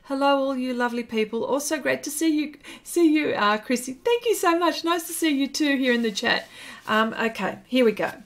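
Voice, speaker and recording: A woman's voice: sits high, expressive, normal speed. An Australian woman chatting casually on a live stream while she paints, greeting viewers by name and rambling with fillers.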